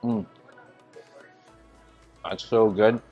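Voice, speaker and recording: A man's voice: on the low side, fairly even intonation, very slow, breathy edge, highs cut off, soft background music. A man hosting a casual food vlog, tasting and describing donuts with relish. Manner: savoring, describes food with enthusiasm. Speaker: food vlogger host. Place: donut shop.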